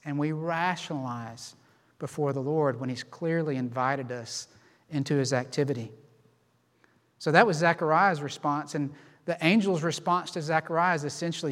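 Pastor preaching in a reverberant hall. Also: male voice, fairly high pitch, normal speed. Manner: expressive, acts out quoted responses. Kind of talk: sermon.

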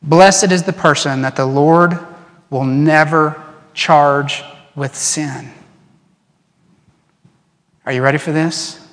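A man preaching a sermon as pastor, animated, acting out quoted voices and dropping to soft, earnest tones. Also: on the high side, takes it slowly, pauses often. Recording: long reverb in a large hall.

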